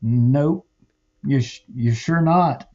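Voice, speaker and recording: A man's voice: mid-range voice, takes it slowly, darkish tone, highs cut off. A man co-hosting a political talk show, speaking in a heated, emphatic way and repeating himself. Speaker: podcast co-host.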